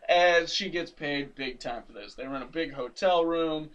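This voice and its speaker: Man, podcast co-host, casual comic recap, slightly high voice, lively, a little off-mic. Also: moderate pace, recorded from a distance, lo-fi sound. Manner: animated, laughs often, acts out characters' lines.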